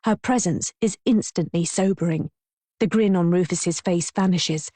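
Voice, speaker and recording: A woman's voice: fairly low pitch, moderate pace, warm tone, no echo. A woman narrating a first-person audiobook in a wry, mocking tone.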